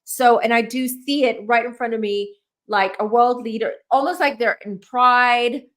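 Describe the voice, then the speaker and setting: A woman's voice: fairly high pitch, steady tone, normal speed, fairly bright tone. A woman in her thirties, a clairvoyant tarot reader hosting a casual chat, talking earnestly and repeating herself as she goes. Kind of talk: casual spiritual reading chat.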